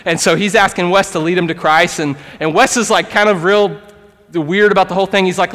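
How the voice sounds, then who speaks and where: Male pastor, thirties, earnest sermon, casual storytelling, slightly raised pitch, long hall reverb. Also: fairly even intonation, fairly quick, a bit bright. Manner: earnest, conversational, acts out quoted voices. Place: church sanctuary.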